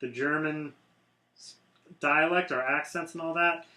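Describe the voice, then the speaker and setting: A man's voice: a little high, steady tone, a little slow, pushed and bright, echoey room. A man co-hosting a movie review show, talking casually with a sarcastic, mocking edge. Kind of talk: casual chat.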